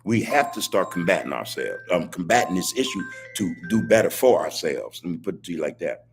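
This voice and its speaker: A man hosting a live-stream podcast, preaching in casual street talk and repeating his points, with a husky voice. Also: low-pitched, very animated, a little fast, faint music behind. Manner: preachy, repetitive street talk, laughs as he speaks. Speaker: podcast host.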